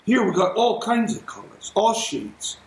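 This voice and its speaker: Male pastor, slightly high voice, storytelling sermon, throat-clears, echoey room. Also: sing-song, unhurried. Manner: conversational storytelling, often clearing his throat.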